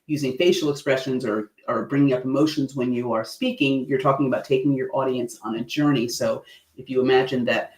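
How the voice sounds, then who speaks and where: A man hosting a livestream lesson on presenting. He talks in a playful, animated way and acts out expressions with quick asides. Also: mid-range voice, roomy sound.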